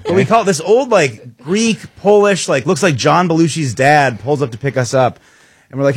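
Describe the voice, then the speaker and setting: A man's voice: a little high, lively intonation, brisk, a little hiss or hum. A man casually telling a comic anecdote, chatty and loose with lots of "like".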